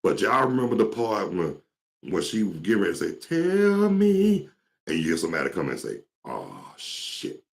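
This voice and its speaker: A man's voice: low voice, lively intonation, fast talker, creaky. A man from Georgia, hosting his talk show in a casual, rambling storytelling way. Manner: rambling, storytelling, mimics singers.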